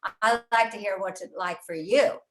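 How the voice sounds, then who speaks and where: A woman's voice: mid-range voice, normal speed. An older woman author talking casually and animatedly about her writing, with many fillers and restarts, recorded in her home studio. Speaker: author and host. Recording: roomy echo.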